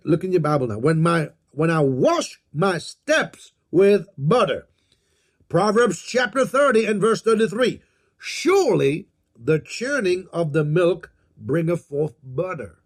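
A man preaching a sermon, reading scripture aloud, repeating key phrases and calling on the congregation to answer back. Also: on the high side. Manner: slow and emphatic, reads scripture aloud. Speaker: pastor.

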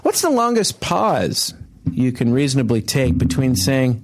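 Deadpan comedy podcast host, man. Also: mid-range voice, measured pace. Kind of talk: casual comedic chat.

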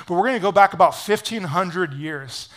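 A man pastor preaching a sermon in an energetic, casual storytelling way, full of "like". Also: sits high, moderate pace.

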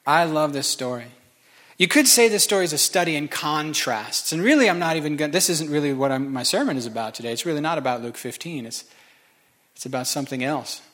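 A man's voice: a little high, lively intonation, brisk, a bit bright. A man preaching a sermon, conversational and joking with the congregation. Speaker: pastor.

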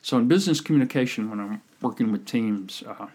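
Husky man telling animated stories. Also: lowish voice, fairly quick. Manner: animated storyteller, acts out quoted people. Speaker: podcast guest, communication coach. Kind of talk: casual storytelling chat.

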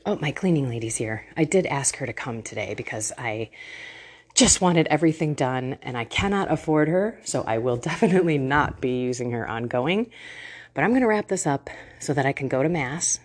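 Woman, middle-aged, husky, lowish voice, very animated pitch, earnest faith vlog, phone at home. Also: normal speed. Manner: earnest, emotional, chatty, laughs often. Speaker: faith vlogger and podcaster. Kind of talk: casual devotional talk to camera. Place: at home, indoors.

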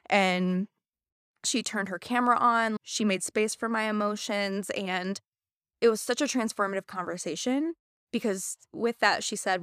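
A woman's voice: mid-range voice, a little slow, a bit bright, clean tone, no room sound, clean studio sound. A young adult woman co-hosting a podcast, telling a personal story candidly and earnestly in casual chat. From United States. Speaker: podcast co-host.

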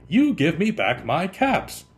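A man voicing a hungry male cap peddler who is quick to anger and shouts when scolding. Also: mid-range voice, sing-song, slight background noise, lightly acted. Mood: angry. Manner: shouting, finger-shaking scolding.

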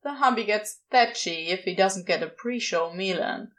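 A woman's voice: medium pitch, moderate pace, a bit bright, close to an everyday voice. A woman voicing an irritated, sarcastic male demon who scolds and mocks. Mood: scornful. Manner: exasperated, scolding.

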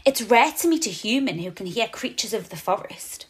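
A woman plays a giant male fish owl with a calm, stately manner. His words come out slow and flowing, with a measured, unhurried pace. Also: on the high side, slightly rough. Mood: calm curious.

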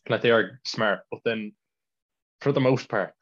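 A teenage Irish lad chatting casually, telling rambling stories and laughing mid-sentence. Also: male voice, mid-range voice, takes it slowly. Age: teens. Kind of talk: casual chat. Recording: dull lo-fi sound.

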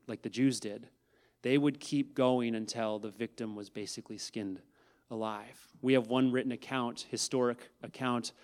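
A man preaching a sermon who addresses his listeners as guys and swings from hushed tones to loud emphasis. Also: mid-range voice. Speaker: pastor.

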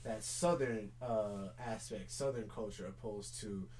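A man's voice: lowish voice, measured pace, a little mellow, slight background noise. A young man from Charlotte, North Carolina, co-hosting a podcast, talking loosely with restarts and fillers. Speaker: podcast co-host. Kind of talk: casual chat.

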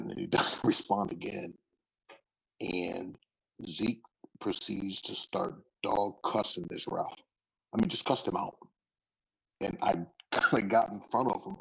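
A middle-aged football coach tells stories in a casual interview, relaxed and rambling, often restarting his sentences. His voice sits low and is creaky and slightly rough, on a rough recording.

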